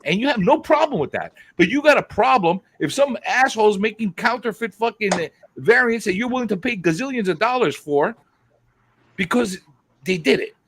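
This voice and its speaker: A man's voice: sits high, a bit bright, a little hiss or hum. A man hosting a livestream who rants in a heated, profane way and keeps repeating himself while he builds his point. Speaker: livestream host.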